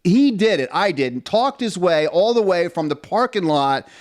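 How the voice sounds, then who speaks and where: This podcast co-host's voice is high and sing-song, delivered at an ordinary pace. He's chatting casually in his home basement, telling meandering stories full of jokes.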